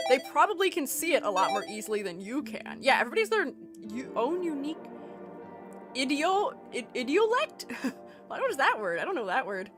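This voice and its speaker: A young woman streamer chats with her viewers in a mixed Rust Belt American accent, laughing often and reading their messages aloud. Her voice sits slightly high and moves a great deal, leaping up and dropping low. Faint game music plays underneath. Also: fairly bright tone. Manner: chatty, giggly, reads chat aloud. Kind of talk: casual chat while gaming.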